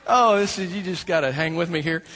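Speaking briskly in a high voice, with a little hiss or hum in the background, a pastor shares a humorous personal story in his sermon. He laughs frequently and acts out the dialogue with animation before moving on to scripture.

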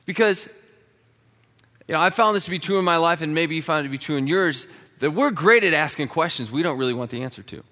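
A man preaching a sermon with humorous stories, talking in an animated way and acting out comic voices. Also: a little high, fast talker, in a large hall. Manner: quiet and hushed while praying. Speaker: pastor.

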